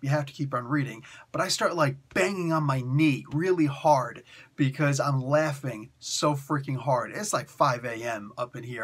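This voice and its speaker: Man, husky voice, mid pitch, enthusiastic, rambling, laughing reviewer. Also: normal speed, fairly bright tone. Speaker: comic book reviewer, host. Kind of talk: excited solo review monologue.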